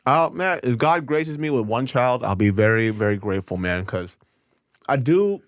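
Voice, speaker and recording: A man co-hosting a podcast who tells stories with lots of energy, swearing freely and breaking into laughter. He speaks at a plain middle pitch. The recording is dry and close-miked. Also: normal speed, no echo. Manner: animated storyteller, swears freely and laughs often. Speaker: podcast co-host. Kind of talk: casual podcast chat.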